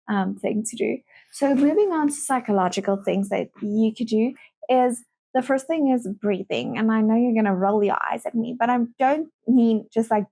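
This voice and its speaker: A woman's voice: mid-range voice, a little mellow. A young woman, leading a Christian parenting lesson in an earnest way, with many rhetorical questions. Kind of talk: teaching parenting session.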